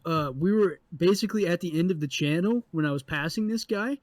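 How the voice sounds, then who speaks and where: Casting note: male podcast co-host, a bit high-voiced, cusses freely, tells stories with animated energy. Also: brisk, no room sound. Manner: animated, profane, acts out people in the story. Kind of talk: casual storytelling chat.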